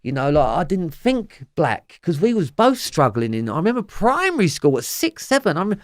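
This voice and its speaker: Man, Cockney accent, interview guest, rambling, profane, fillers, loud-to-quiet swings, dry close sound. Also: fairly high pitch, wildly swooping pitch, moderate pace, no echo. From London, England. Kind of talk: candid storytelling interview.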